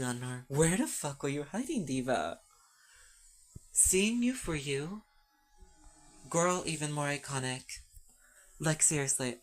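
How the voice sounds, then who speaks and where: A woman's voice: deep voice, exaggerated voice. A woman voicing a bubbly, feminine young gay man who gushes with slang and swearing.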